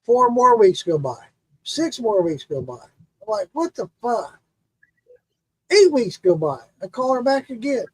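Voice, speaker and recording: Guy spinning a cussing yarn, husky voice, dry close sound, jumps all over in pitch. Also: sing-song, a little slow, no room sound, low-quality recording. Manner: profane, laughing storyteller, acts out quotes. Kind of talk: casual storytelling chat.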